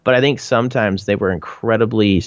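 A man's voice: on the low side, fairly quick, no echo. A man with a Canadian accent answering interview questions casually, rambling with lots of fillers and restarts. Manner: rambling, frequent "like" and restarts, laughs often. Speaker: band member, interviewee. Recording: dull lo-fi dry sound.

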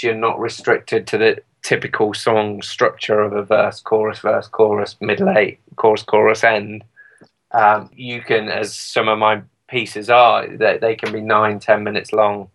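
A man's voice: fairly low pitch, flat delivery, measured pace, a bit bright, poor audio. A man with a British accent, a musician chatting in an interview in a rambling, self-deprecating way with lots of fillers. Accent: British English. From Britain. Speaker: guest musician. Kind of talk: casual interview chat.

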